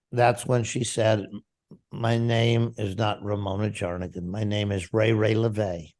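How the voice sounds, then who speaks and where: A man's voice: on the low side, darkish tone. A man, a pastor, telling a personal story in an interview and acting out the dialogue vividly.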